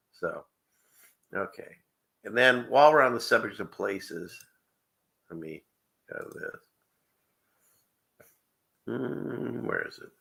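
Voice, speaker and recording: Gravelly, bright-voiced male show host. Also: medium pitch. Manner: rambling, chuckling often, frequent fillers. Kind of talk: casual livestream chat.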